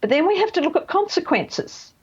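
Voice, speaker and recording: A woman's voice: very high voice, sing-song, fairly quick. A middle-aged woman counsellor explaining boundary-setting as a radio guest, emphatic and checking in with "right?" and "you know". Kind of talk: radio interview. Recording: slightly dull lo-fi radio audio.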